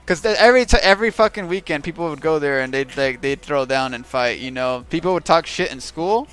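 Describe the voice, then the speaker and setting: A man's voice: a little high, expressive, a little fast, fairly bright tone, clear, resonant tone. A man telling a rambling, profanity-heavy story on a stream. He keeps checking in with his listeners by asking "right?". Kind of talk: casual storytelling.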